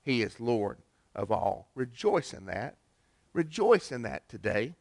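A man preaching a Christmas sermon, earnest, with pauses and restarts. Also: medium pitch, big pitch swings, vocal fry, darkish tone, dry recording. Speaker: pastor.

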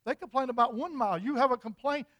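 A man's voice: very high voice, fast, fairly bright tone, no echo, clean studio sound. A man voicing a puzzled soldier who keeps asking, bewildered, what is different about the man beside him. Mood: curious. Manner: baffled, questioning.

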